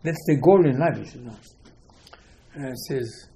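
A religious teacher gives an informal, rambling lecture in poor audio, repeating words, posing questions and answering them himself, with non-native English grammar. His mellow, medium-pitched voice has vocal fry, a moderate pace, and frequent pauses.

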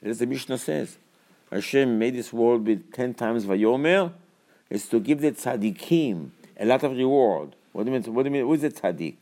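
A man giving a Torah sermon as a rabbi, preaching emphatically with repeated rhetorical questions and swinging from low, quiet explanation to loud, high scolding. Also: expressive, moderate pace.

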